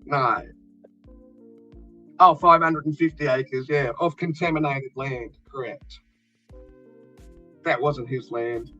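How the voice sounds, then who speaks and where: A man's voice: medium pitch, fairly even intonation, takes it slowly, long pauses, pushed and bright, lo-fi sound, faint music behind. An Australian man in blunt, profane casual chat, ranting with fired-up energy.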